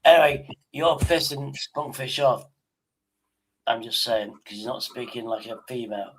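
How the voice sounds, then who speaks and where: A man's voice: mid-range voice, normal speed, slight background noise, poor audio. A man hosting a stream, hesitant and teasing, often stopping to restart his sentences. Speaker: streamer host. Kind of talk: casual stream banter.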